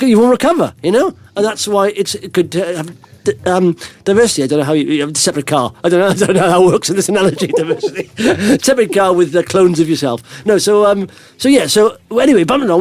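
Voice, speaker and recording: A man's voice: sits high, no echo. A middle-aged man hosting a podcast, telling rambling anecdotes in casual chat and chuckling often. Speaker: podcast host.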